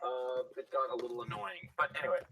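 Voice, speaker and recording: A man speaking haltingly in a played video clip, stumbling over and repeating his words. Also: medium pitch, animated, gravelly, a bit bright, far from the mic, a little hiss or hum, poor audio.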